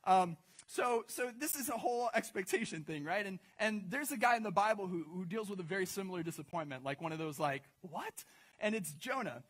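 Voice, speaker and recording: A young pastor preaches to his congregation in a high-pitched, animated, somewhat bright voice, going a little fast. His storytelling sermon is casual and joking, full of asides and questions to the crowd.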